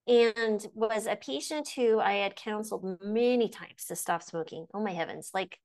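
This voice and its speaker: A woman's voice: mid-range voice, normal speed, a little mellow. Earnest woman physician telling stories. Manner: earnest, storytelling with quoted voices. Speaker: physician and podcast host. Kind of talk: conversational interview.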